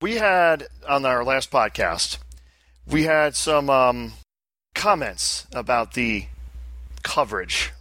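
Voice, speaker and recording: Male podcast host, relaxed banter, bright voice, dry close-miked sound. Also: mid-range voice, dry recording. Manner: easygoing, quick to laugh. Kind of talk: casual chat.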